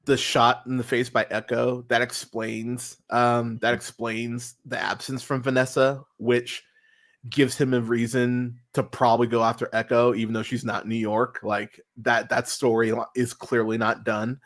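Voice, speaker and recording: Excitable swearing man on a podcast. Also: medium pitch. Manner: excitable, quick to swear, acts out lines in his retelling. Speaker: podcast host. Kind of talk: casual podcast review chat.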